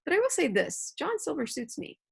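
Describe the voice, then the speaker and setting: A woman voicing a measured, skeptical male country doctor in a dry, even way. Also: high-pitched, vocal fry, no room sound, pitched above the performer's own voice, full character voice.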